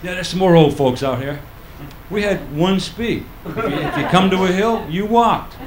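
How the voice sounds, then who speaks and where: A man's voice: high-pitched, normal speed, noisy background. Older man doing stand-up, roomy club. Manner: deadpan storytelling with acted-out quotes. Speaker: stand-up comedian. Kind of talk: stand-up comedy set. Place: comedy club stage. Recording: roomy live club recording.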